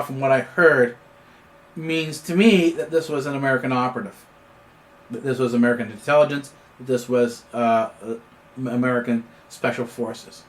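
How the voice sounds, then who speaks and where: A Canadian man with a medium-pitched, fairly bright voice hosts an independent news commentary channel. He delivers an unscripted political monologue, speaking off the cuff with plenty of fillers and restarts.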